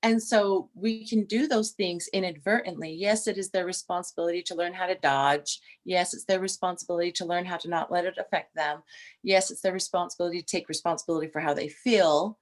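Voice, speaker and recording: A middle-aged woman co-hosting a casual chat, telling stories with restarts and animated quoted voices. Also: lowish voice, fairly quick. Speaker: podcast co-host.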